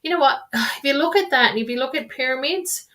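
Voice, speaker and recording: A woman's voice: sits high, lively intonation, brisk, pushed and bright. A woman giving live-streamed tarot readings in a rambling, repetitive, affectionate way, calling viewers darling and my loves. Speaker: tarot reader.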